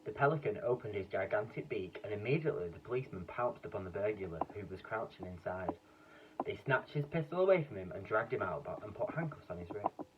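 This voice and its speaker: A man reading a children's story aloud in a lively way, putting on voices for the characters. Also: lowish voice, brisk, recorded from a distance, background noise. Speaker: storybook reader. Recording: dull lo-fi sound from off the mic, faint ambience.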